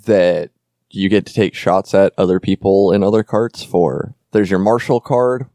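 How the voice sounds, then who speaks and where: A man hosting a podcast, chatting casually about board games with jokes and quick self-corrections. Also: sits low, fairly even intonation, warm tone, dry recording, studio quality. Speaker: podcast host.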